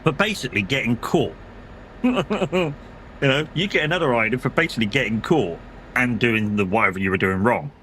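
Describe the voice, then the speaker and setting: A man's voice: mid-range voice, animated, brisk, fairly bright tone, slight background noise. A middle-aged man, chatting casually and rambling as he streams a driving game, swearing and laughing often. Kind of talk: casual chat while gaming.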